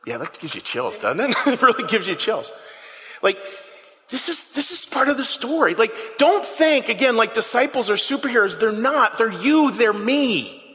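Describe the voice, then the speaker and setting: A man preaching a lively, conversational sermon into a handheld mic, often questioning the congregation. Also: very high-pitched, normal speed. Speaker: pastor. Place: church sanctuary. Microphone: handheld microphone. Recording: long hall reverb.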